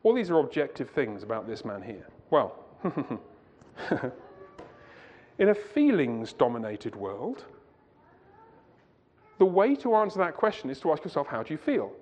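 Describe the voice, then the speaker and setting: A man lecturing a church audience in a conversational way. He asks rhetorical questions and sometimes digresses. His voice is fairly high-pitched, and the recording sounds muffled and lo-fi. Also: sing-song, a little slow, long pauses, darkish tone, big-room sound. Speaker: Christian conference speaker.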